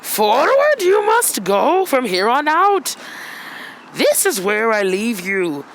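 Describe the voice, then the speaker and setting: A cryptic old male cane master , played by a woman, who speaks in slow, backwards, sage-like sentences. The voice sits high and swoops around. The pace is unhurried throughout. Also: wildly swooping pitch, full character voice. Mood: solemn. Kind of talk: comedy sketch acting.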